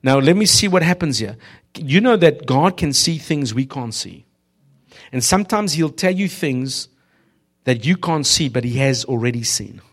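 Man preaching a lively sermon. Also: medium pitch, normal speed. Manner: exhorting, addresses listeners directly, often laughing. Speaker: visiting preacher. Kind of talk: humorous, prophetic sermon. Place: church in front of a congregation.

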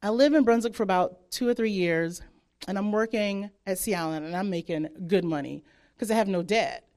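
Woman, animated testimony, chatty delivery that keeps slipping into the voices of other people. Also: mid-range voice, a little fast. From southern United States. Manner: animated, chatty, acts out quotes, laughs often. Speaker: speaker giving a testimony. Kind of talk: personal testimony.

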